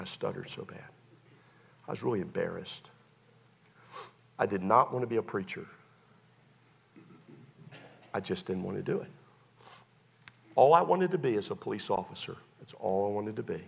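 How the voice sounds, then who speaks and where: A man preaching a sermon, telling stories with big swings from loud to hushed. His voice is husky and gravelly, and his pitch moves widely. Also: lively intonation, normal speed, long pauses. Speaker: pastor.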